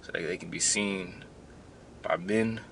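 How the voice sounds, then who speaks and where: Bright-voiced low man teaching a lesson. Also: steady tone, measured pace, creaky, slight background noise. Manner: rambling, conversational, builds to heated emphasis. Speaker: camp teacher giving a recorded lesson. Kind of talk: informal religious lesson.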